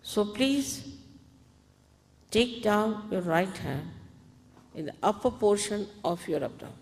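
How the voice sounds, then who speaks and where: A woman spiritual teacher giving calm, deliberate guided meditation instructions to an audience, in an archival recording. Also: mid-range voice. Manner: calm, deliberate, gently commanding. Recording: archival talk in a reverberant hall.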